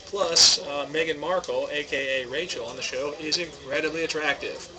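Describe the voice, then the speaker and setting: A man's voice: on the high side, normal speed, crowd noise, low-quality recording. A young man commentating a card tournament stream, joking and rambling in casual chat. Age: young adult. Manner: joking, rambling, self-deprecating.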